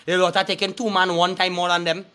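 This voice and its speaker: High, sharp-voiced Trinidadian man ranting. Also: little pitch movement, fast. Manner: angry, cursing, threatening. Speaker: online commentator. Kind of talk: profane street rant.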